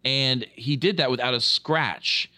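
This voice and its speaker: A man hosting a casual movie review podcast, talking in an animated, jokey way with plenty of swearing. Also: medium pitch, measured pace, dry recording, clean studio sound. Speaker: podcast host. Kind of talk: casual film review chat.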